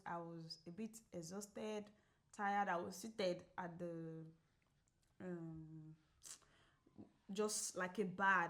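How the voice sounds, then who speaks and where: A woman co-hosting a podcast who tells a story in casual chat, acting out the quoted lines and laughing often. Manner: animated, acts out quoted dialogue with big pitch jumps; laughs often while telling. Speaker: podcast co-host.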